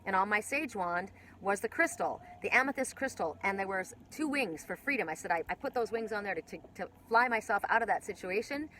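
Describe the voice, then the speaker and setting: A woman's voice: mid-range voice, animated, brisk, few pauses, bright, forceful tone, a little hiss or hum, low-quality recording. Rambling woman doing a card reading. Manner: rambling, with many restarts and casual swearing. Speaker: oracle card reader. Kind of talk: casual spiritual card reading to camera.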